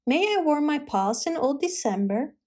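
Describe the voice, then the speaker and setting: A woman's voice: high-pitched, big pitch swings, normal speed, darkish tone, voice pushed up. A woman voicing a humble old male tramp dog who speaks in rhyme. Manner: rhyming, humble.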